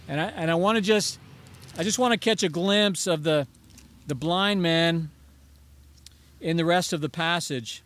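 A man's voice: on the high side, unhurried, long pauses, a bit bright. A man preaching a sermon as pastor, earnest and rising to emphatic pleading on key phrases.

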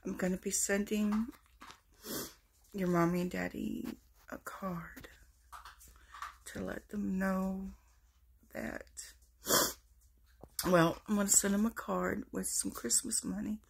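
A woman recording a personal video message to children she misses, speaking softly and tenderly, often in a hushed whisper. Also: mid-range voice, level tone, slow pace, gravelly, long pauses, slight background noise. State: fighting tears. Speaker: vlogger addressing absent children.

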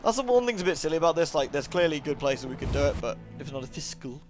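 A man's voice: on the high side, big pitch swings, rapid-fire. A man casually commenting on a game he is playing, muttering to himself as he goes. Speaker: game streamer. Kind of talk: casual live-stream commentary. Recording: game music playing behind.

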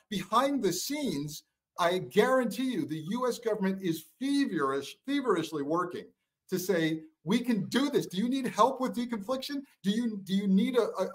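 A middle-aged man speaking as a guest on a political talk show, emphatic and forceful, often repeating words for stress. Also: high-pitched. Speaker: guest, former counterintelligence official.

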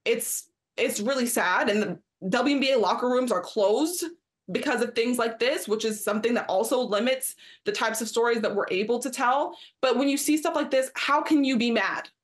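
A woman's voice: on the high side, normal speed. A woman co-hosting a sports talk show, arguing her point emphatically and acting out quotes in mocking voices. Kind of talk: studio discussion.

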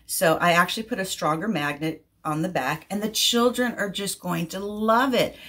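A woman who makes crafting vlogs chats casually while unboxing something, gushing with excited exclamations. Her voice sits lowish.

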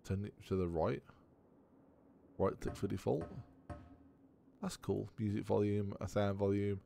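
A man giving casual let's play commentary while thinking aloud, excitable and swearing often. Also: fairly low pitch, measured pace, creaky, slight background noise. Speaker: gaming video creator.

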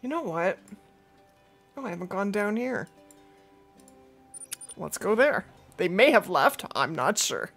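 Lively chatty woman streaming a game. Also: mid-range voice, measured pace, long pauses, faint music behind. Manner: chatty, talks to viewers and her cat, laughs easily. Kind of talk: casual live-stream chat over gameplay. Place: at home.

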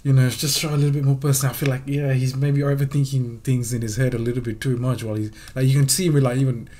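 A man's voice: medium pitch, flat delivery, quick pace, mellow. Slangy young man reacting on camera. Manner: candid, slangy, swears freely. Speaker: reaction video host. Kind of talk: casual reaction commentary.

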